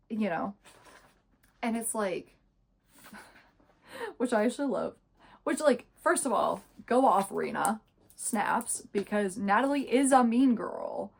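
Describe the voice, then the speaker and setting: Chatty young woman with vocal fry. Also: fairly high pitch, big pitch swings, slow, pauses often, a little hiss or hum. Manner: chatty, sarcastic, many fillers. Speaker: book reviewer. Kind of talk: casual chat.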